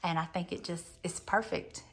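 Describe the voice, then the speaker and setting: Chatty Southern woman vlogging at home. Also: on the low side. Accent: Southern American. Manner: chatty, excitable, drawn-out storytelling. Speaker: lifestyle vlogger. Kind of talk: casual chat to camera.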